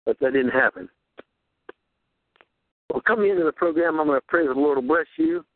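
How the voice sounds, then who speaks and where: A man hosting a radio show, preaching in a fervent, repetitive ramble and rising high on rhetorical questions. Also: very animated, a little fast, creaky, dry recording. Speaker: radio host. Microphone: handheld recorder. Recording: tinny phone-like radio audio.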